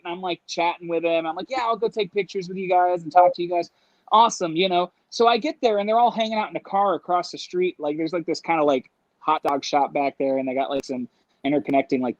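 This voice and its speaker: A man telling a story in casual conversation, animated, acting out voices and laughing as he goes. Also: a little high, dry recording, highs cut off. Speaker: guest.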